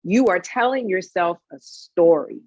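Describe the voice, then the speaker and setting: Husky-voiced woman, animated storyteller. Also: lowish voice, a little slow, no room sound, lo-fi sound. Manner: animated storyteller, frequent "right?" tag questions. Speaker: wellness practitioner. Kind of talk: conversational panel advice.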